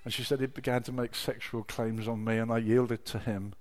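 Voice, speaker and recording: A middle-aged man preaching a sermon, telling personal stories with emotion, dropping to a hush and then rising to loud exclamations. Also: medium pitch, little pitch movement, brisk. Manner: emotional, swings from hushed storytelling to loud exclamation.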